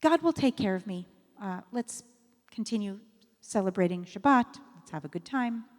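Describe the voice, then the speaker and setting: A woman telling as a calm trusting innkeeper. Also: mid-range voice, normal speed, close to an everyday voice. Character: humble trusting male innkeeper. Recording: long reverb of a sanctuary.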